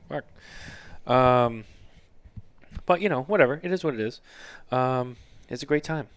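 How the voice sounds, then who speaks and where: A man in his thirties hosts a relaxed podcast, spinning long, meandering anecdotes peppered with casual profanity. His voice sits at an ordinary middle pitch. The sound is dry and close, with no room around it. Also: normal speed, pauses often, clean tone, no echo. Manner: rambling storyteller, swears freely. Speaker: podcast host. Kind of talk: casual chat.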